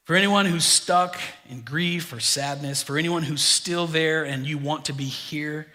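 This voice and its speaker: A man preaching a sermon as pastor, telling stories in a conversational way and swinging between loud exclamations and hushed lines. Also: a little high, unhurried. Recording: reverberant hall.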